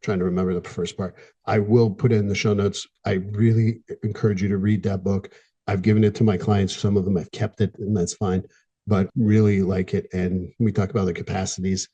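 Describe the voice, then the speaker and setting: A middle-aged male therapist speaks in a podcast monologue, earnest and candid, pausing often. His voice sits low and dark, with a husky edge. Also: flat delivery, highs cut off. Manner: earnest, candid, pausing, gets emotional at times.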